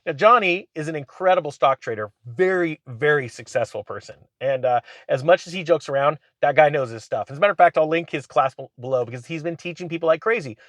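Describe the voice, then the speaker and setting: A man, a finance YouTuber, telling a rambling, animated story in a casual vlog from inside his truck. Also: fairly high pitch, quick pace, few pauses, no echo.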